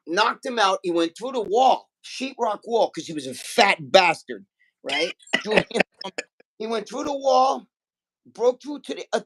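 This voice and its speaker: Animated, swearing older man telling stories. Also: sits high, rough recording. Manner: animated, profane storytelling. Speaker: guest. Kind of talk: casual chat.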